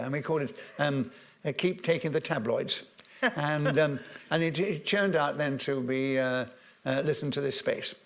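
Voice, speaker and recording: An older man spins long anecdotes before a festival audience. His voice sits a little high for a man, and he rambles with ums, restarts and chuckles. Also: gravelly. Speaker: veteran broadcaster and guest. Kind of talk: anecdotal stage conversation.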